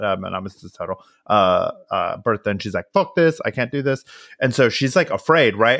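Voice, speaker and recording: A man's voice: on the low side, a bit bright, no room sound, studio quality. A man co-hosting a casual podcast, animatedly recapping a film with lots of swearing and acted-out quotes. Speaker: podcast co-host.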